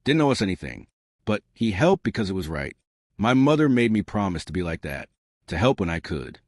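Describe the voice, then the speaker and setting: A steady, guarded crime boss, read by a man in a low voice. He speaks quietly and with restraint, yet his pitch moves a lot from line to line. The sound is dry and close. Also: brisk, no room sound. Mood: solemn. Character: calm, guarded male crime boss, adult.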